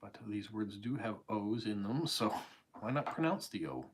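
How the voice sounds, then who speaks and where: A man's voice: fairly low pitch, lively intonation, normal speed, breathy edge. A Canadian man in his forties with a slight English-tinged accent, hosting a live stream and rambling casually through viewer comments. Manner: rambling and conversational, many fillers and asides. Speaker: channel host answering viewer comments.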